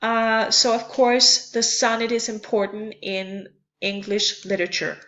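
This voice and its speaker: A woman's voice: fairly high pitch, fairly even intonation, measured pace, fairly bright tone, muffled recording. A woman teaching a lesson in a careful, explanatory way, repeating and spelling out terms. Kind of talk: slow explanatory lecture.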